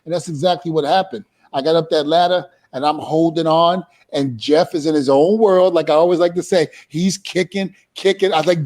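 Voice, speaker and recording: Brief: male podcast guest, slightly high voice, animated storyteller who keeps laughing. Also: normal speed. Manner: acts out quoted dialogue, laughs often. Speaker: guest wrestler.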